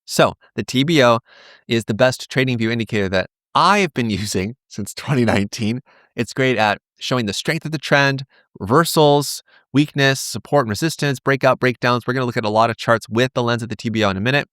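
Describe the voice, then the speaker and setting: A man's voice: medium pitch, a little fast, fairly bright tone, no echo. Man, crypto vlog host, casual, rambling, self-deprecating, resonant voice, dry close sound. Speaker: crypto trading channel host. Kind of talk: casual chart-analysis vlog.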